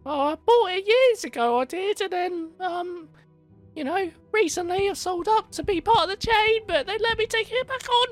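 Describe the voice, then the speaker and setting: A woman voicing a fussy elderly female halfling baker who is flustered and calls everyone dear, in a high, tremulous old-lady voice. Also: expressive, moderate pace, soft background music. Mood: sweetly flustered.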